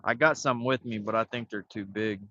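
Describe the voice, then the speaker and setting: A man's voice: lowish voice, a little fast, pushed and bright, slight background noise. A man hosting a fishing livestream outdoors, chatting in a laid-back, rambling way into his phone. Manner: laid-back, talks to himself while fishing. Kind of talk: casual rambling live chat. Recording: dull lo-fi phone audio.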